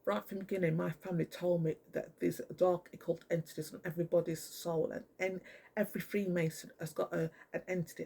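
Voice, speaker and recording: Speaking straight to camera, someone delivers an angry, rambling monologue laced with profanity. The mid-range voice is dark and mellow, with gravelly fry and a husky, breathy edge.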